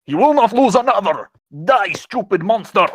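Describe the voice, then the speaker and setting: A man voicing a gruff male warrior who bellows and speaks of himself by name. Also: high-pitched, animated, moderate pace, a bit bright, no room sound, pitched above the performer's own voice, exaggerated voice. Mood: defiant.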